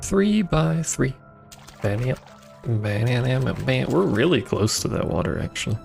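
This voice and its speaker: Gravelly man rambling over gameplay. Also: mid-range voice, big pitch swings, unhurried, a little mellow, faint music behind. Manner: rambling, playful asides. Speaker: game streamer. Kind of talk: casual gameplay commentary.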